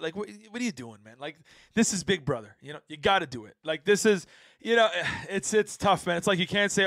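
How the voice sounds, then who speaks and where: A man hosting a casual reaction panel, animated, laughing often and repeating himself for emphasis. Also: fairly high pitch, quick pace, no room sound. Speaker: host of a reaction stream.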